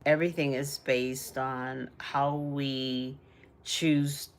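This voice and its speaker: Low-voiced woman, slow rambling livestream chat. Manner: emotional, rambling with many restarts. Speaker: livestream host.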